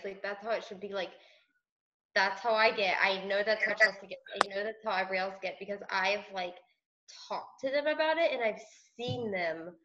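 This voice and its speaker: A woman leading a team video call, speaking casually and encouragingly with many "like"s. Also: medium pitch. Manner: casual, soft-spoken, says "like" often. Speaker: team leader hosting a call. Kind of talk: casual motivational group call. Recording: dull lo-fi call audio.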